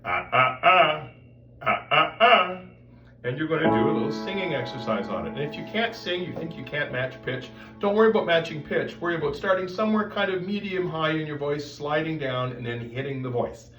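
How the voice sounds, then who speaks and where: A man teaching a vocal technique lesson, coaching the viewer directly in an animated way. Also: a little high, fast talker, few pauses, far from the mic. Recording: roomy sound from off the mic with faint music.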